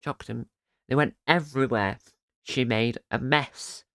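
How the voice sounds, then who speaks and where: A man talks through an episode recap on his own podcast in a loose, rambling way. He keeps stopping to fix his own sentences. His voice is smooth and clear, pitched at a middle level. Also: unhurried, a bit bright, no room sound, studio quality. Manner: rambling, often correcting himself mid-sentence. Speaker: podcast host. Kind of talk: casual solo episode recap.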